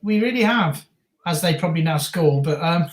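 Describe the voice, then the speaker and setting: Jokey co-host in a roomy echo. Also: male voice, fairly high pitch, normal speed. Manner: jokey banter mixed with steady match analysis. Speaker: co-host of a football live stream reaction. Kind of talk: casual live match commentary and chat.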